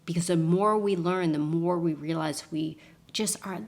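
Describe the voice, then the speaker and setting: Woman, lowish pitch, animated anecdote, podcast guest. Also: moderate pace, creaky, crowd noise. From Canada. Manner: acts out quotes with lively voice shifts and laughs. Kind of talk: animated personal storytelling.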